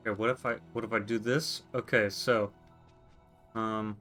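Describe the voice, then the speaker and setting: A man's voice: on the low side, flat delivery, moderate pace, bright, forceful tone, faint music behind. A man streaming a game, musing to himself in casual commentary and reading on-screen text aloud.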